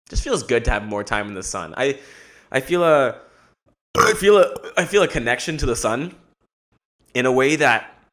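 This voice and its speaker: A man's voice: on the low side, a bit bright. A man hosting his own podcast, chatting casually on his own in a rambling, jokey way with lots of restarts and repeated words. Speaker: podcast host. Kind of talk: casual solo podcast chat.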